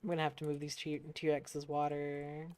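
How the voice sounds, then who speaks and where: Her low voice is completely flat in delivery, at normal speed, a little mellow and smooth. This young woman from the United States tells stories in a laid-back way while gaming on stream, laughing often, cursing freely, and performing the people she quotes.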